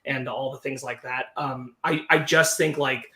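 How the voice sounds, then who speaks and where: A man's voice: medium pitch, fairly even intonation, normal speed, sharp tone. A man discussing things on a casual podcast, thoughtful and analytical, working his points out as he talks. His voice sits in the middle range. The room around him sounds echoey. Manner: analytical, thoughtful, talks through ideas with restarts. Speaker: podcast co-host.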